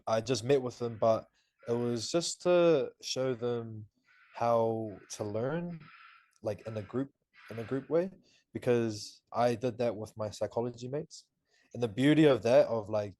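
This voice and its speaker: Young man, from New Zealand, podcast guest, lowish voice, dry close sound, animated laughing storyteller, lots of fillers. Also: no echo. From Auckland, New Zealand. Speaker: podcast guest, university student. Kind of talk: casual interview talk.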